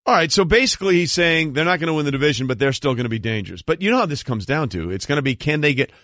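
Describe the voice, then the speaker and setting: A man's voice: on the high side, expressive, rapid-fire, fairly bright tone, dry recording, clean studio sound. A man co-hosting a sports radio show, chatting casually and joking at his own expense. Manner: conversational, self-deprecating. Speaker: radio co-host.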